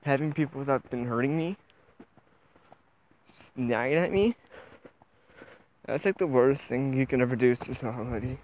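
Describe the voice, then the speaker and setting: A man's voice: mid-range voice, darkish tone. Tearful rural man, noisy outdoor vlog. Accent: rural American. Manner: subdued, halting, close to tears. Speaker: vlogger. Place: outdoors in the countryside.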